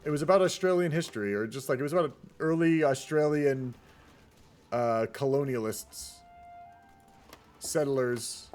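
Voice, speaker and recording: A man's voice: mid-range voice, a little slow, long pauses, a little mellow, faint music behind. A young man giving casual, rambling commentary on a multiplayer strategy game, often saying "y'all". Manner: chatty, rambling, says "y'all". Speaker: game caster.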